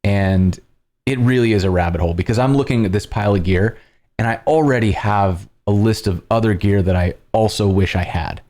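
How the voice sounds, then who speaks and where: A man hosting a livestream, explaining casually in a loud projected presenter voice with plenty of fillers, close on a compressed studio mic at home. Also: fairly low pitch, fairly quick. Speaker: livestream host. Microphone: studio dynamic microphone with compression.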